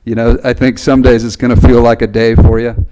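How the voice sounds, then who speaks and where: A man giving a graduation address for fire recruits, earnest and halting, with many fillers, speaking into a podium mic. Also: mid-range voice, little pitch movement, mellow, poor audio. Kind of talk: ceremonial speech. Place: ceremony hall.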